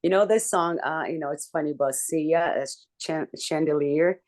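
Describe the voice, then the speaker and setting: A woman in a casual group chat, telling a personal story candidly with swearing and lots of halting restarts. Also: low voice, a little mellow. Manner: talks in halting restarts and fillers. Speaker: book club member.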